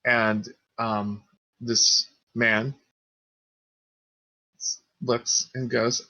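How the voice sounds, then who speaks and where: A man's voice: mid-range voice, expressive, extremely slow, long pauses, sharp tone, no echo, muffled recording. A man narrating a tabletop game as game master, hesitant and full of fillers. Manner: hesitant, many fillers and restarts.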